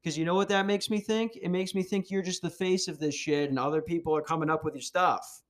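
A man hosting a podcast, ranting casually in a heated, profane, animated way. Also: fairly high pitch, brisk. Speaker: podcast host.

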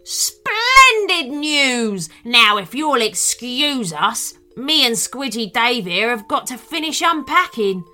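A woman voicing a jolly bearded male pirate captain, who talks in a hearty, booming seafaring way. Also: sing-song, takes it slowly, hardly any pauses, sharp tone, soft background music, exaggerated voice.

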